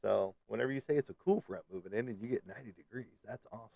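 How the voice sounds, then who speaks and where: A man's voice: mid-range voice, rapid-fire, gravelly, mellow, no room sound. A man hosting a live stream, chatting casually with viewers in a rambling, joking way with lots of fillers. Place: Kansas City area.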